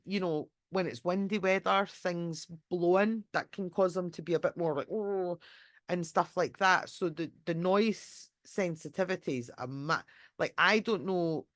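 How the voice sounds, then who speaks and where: A woman's voice: on the low side, measured pace, dry recording, clean studio sound. A woman giving a casual live online talk as a dog trainer. She rambles in a chatty way with many fillers and restarts, swears casually, and sometimes acts out what a dog might be thinking. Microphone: computer mic during a screen-shared session.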